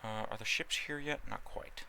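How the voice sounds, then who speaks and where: Man, gameplay commentary, slow and thinking aloud, low gravelly voice, faint background noise. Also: pushed and bright, low-quality recording. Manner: thinking aloud, many fillers and restarts. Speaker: gaming channel host.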